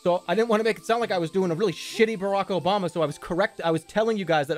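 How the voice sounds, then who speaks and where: A man streaming live, talking in an animated, jokey way and slipping in and out of silly voices. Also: high-pitched, racing, soft background music.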